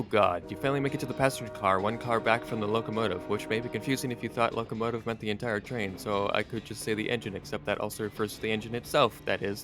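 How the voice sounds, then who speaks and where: A man streaming a game, reading its text aloud with wry, rambling asides. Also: mid-range voice. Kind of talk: let's play commentary reading game text.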